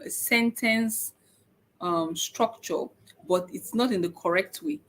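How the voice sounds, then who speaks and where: A woman explaining language strategies to parents in an informal teaching talk, patient and halting, often pausing with "um" and checking in with "okay?". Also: medium pitch, breathy edge. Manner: patient, repeats points, frequent "okay?" check-ins; halting, with many "um" pauses. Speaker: speech and autism educator.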